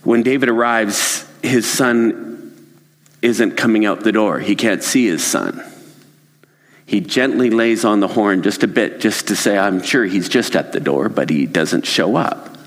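A man's voice: on the low side, unhurried. A man preaching a sermon and telling a story, earnest and conversational. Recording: long hall reverb.

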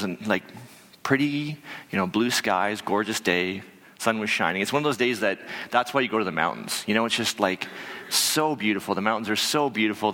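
Man telling a story in a hall. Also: fairly low pitch. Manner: animated, conversational, many fillers and restarts. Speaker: speaker telling a climbing story to an audience. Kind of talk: live storytelling talk.

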